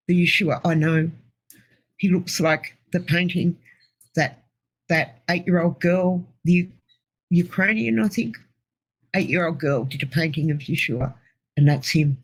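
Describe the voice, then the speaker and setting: A middle-aged woman speaks with a gravelly, husky voice. She tells her personal story earnestly, with halting pauses and restarts. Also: fairly low pitch, rough recording. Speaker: interview guest. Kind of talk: personal testimony.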